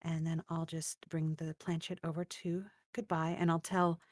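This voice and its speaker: A woman's voice: low voice, level tone, normal speed, no room sound, studio quality. A woman player in a tabletop game, thoughtful and musing aloud over a voice call. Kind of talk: casual game chat.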